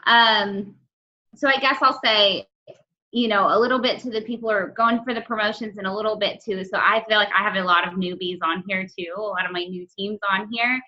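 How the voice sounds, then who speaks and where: A woman's voice: medium pitch, fairly even intonation, brisk, pushed and bright, lo-fi sound. A woman sharing heartfelt, slightly emotional advice with her team on a call. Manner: emotional, reflective.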